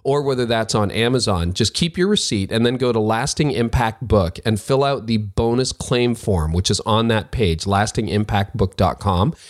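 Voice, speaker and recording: Brief: low-pitched male podcast host, upbeat and chatty, easy conversational read. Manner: upbeat, chatty, quick asides. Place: office studio at a lakeside retreat.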